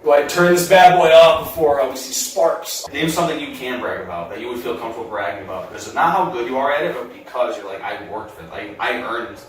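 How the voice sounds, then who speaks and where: A man's voice: mid-range voice, expressive, fast talker, few pauses. A man hosting a casual comedy podcast, joking crudely and acting out silly scenarios. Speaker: podcast host. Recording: echoey room, far from mic.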